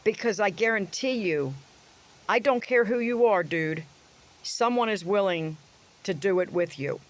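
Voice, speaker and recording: A woman's voice: mid-range voice, measured pace. A woman vlogger ranting in a casual, blunt, crude way, with sarcastic jabs and mocking asides. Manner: sarcastic, swings into mocking voices. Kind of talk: casual opinion rant to camera.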